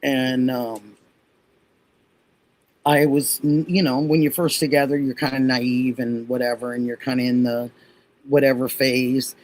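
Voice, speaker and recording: A woman hosting a livestream, chatting casually and telling an animated story. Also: rumbling low, unhurried, pauses often. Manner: animated storyteller, quotes others. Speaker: livestream host.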